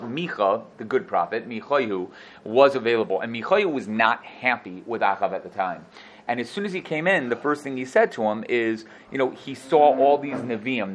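A man's voice: medium pitch, a bit bright. A man teaching a Bible chapter verse by verse, mixing Hebrew terms into casual English and acting out the quotes. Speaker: Torah teacher. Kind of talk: explaining a Bible text verse by verse.

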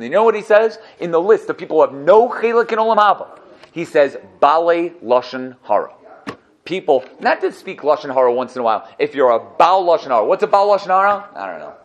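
A man giving a casual Torah class, animated and joking, who acts out little dialogues as he explains. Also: a little high. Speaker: Torah teacher.

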